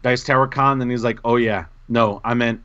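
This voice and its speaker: A man co-hosting a casual podcast, telling a self-mocking story in an animated way. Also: medium pitch, normal speed, lo-fi sound, crowd noise. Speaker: podcast co-host.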